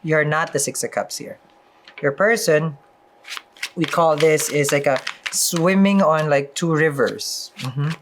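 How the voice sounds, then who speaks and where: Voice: medium pitch, measured pace, background noise. A tarot reader and spiritual advisor giving a casual reading and advice, chatty, with frequent "mm-hmm" asides and dry sarcasm.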